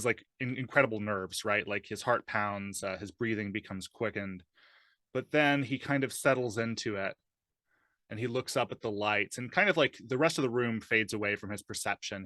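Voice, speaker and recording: A man with a fairly low but bright, forward voice describes his character's actions as a player in a tabletop game, thoughtful and loose with lots of fillers. The recording is dry and close, with no room sound. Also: dry recording.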